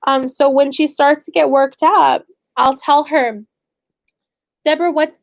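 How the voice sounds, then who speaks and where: High-voiced young mother chatting. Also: unhurried, gravelly. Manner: chatty, animated, acts out what she tells her kids. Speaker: stay-at-home mother starting homeschooling. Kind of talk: casual vlog chat.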